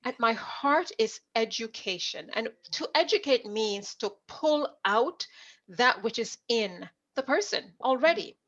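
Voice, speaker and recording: Animated woman coach from Jamaica. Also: a little high, a little slow. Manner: animated storyteller, acts out remembered dialogue. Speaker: leadership coach, guest. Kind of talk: conversational storytelling interview. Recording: dull lo-fi audio.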